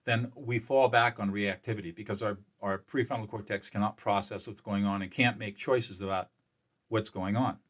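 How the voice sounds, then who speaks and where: Man, fairly low voice, mediator, interview guest, emphatic, energetic, stumbles and repeats words. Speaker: mediator and peacemaker. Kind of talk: explaining in an interview.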